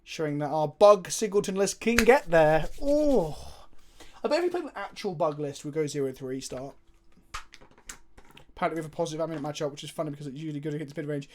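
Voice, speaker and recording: A man's voice: fairly high pitch, expressive, fast talker, a little mellow, a little hiss or hum. Chatty, profane male game streamer. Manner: casual, profane, answers chat. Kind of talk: live stream commentary.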